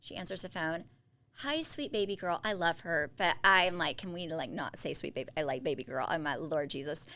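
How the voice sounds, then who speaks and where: Bright-voiced chatty woman. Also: sits low, a little fast, hardly any pauses. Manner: chatty storyteller, animated quotes. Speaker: podcast co-host. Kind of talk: casual chat.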